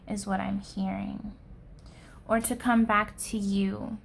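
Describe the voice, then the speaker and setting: A woman hosts a pick-a-card tarot reading. She speaks slowly and softly, with an earnest, measured delivery. Her voice sits at an ordinary middle pitch. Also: little pitch movement, vocal fry, slight background noise. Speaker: tarot reader.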